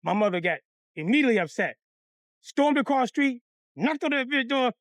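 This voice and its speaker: A man telling a funny story from his childhood, cursing freely and acting out the other people's voices in a lively, animated way. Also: sits high, fast, no room sound. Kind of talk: comedic storytelling.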